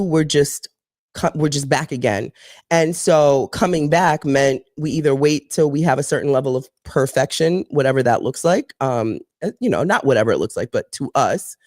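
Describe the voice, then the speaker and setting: A woman's voice: sits low, no room sound, clean studio sound. A woman co-hosting a live show, talking in a rambling, candid way and swearing freely. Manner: animated storyteller who acts out voices. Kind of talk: casual live-show chat.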